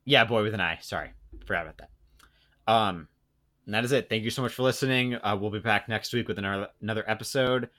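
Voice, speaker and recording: A man's voice: lowish voice, fast, pushed and bright. A young man co-hosting a podcast in casual chat, rambling and joking with lots of fillers. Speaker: podcast co-host.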